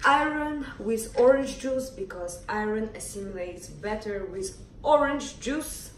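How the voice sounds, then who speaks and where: A woman's voice: fairly high pitch, lively intonation, measured pace. Young female vlogger, casual and candid, recorded on a camera mic with faint hiss. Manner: chatty, candid, a bit grumpy. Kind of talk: casual vlog monologue. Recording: echoey room, camera at a distance.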